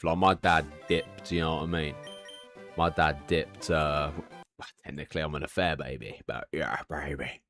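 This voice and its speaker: Low-voiced man talking candidly. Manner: candid, confiding, swears freely. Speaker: streamer. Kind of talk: casual live-stream chat.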